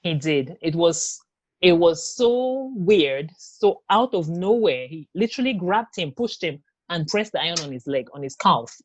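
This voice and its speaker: Low-voiced woman recounting, halting and hesitant. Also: lively intonation, no echo, dull audio. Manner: halting, hesitant, many fillers and restarts. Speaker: interview guest. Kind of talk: personal testimony in an interview.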